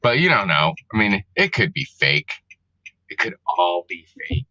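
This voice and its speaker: A man talks casually to his viewers, cursing freely and venting with exasperation. His voice is very bright and sharp-edged, heard through dull, lo-fi audio. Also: low voice, sing-song, moderate pace, dry recording. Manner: profane, exasperated storytelling. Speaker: vlogger. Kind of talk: casual ranting monologue.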